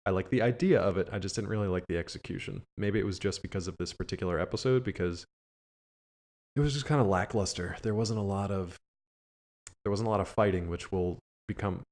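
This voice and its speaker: A man hosting a casual podcast, talking in a relaxed, meandering way. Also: lowish voice, fairly quick. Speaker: podcast host.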